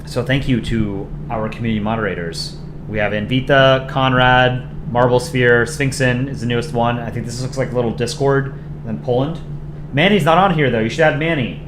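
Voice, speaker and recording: A man's voice: mid-range voice, steady tone, normal speed. Man, live streamer, casual rambling chat, fillers, roomy echo. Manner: rambling, frequent ums and likes. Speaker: streamer reviewing fan art. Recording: echoey room with background noise.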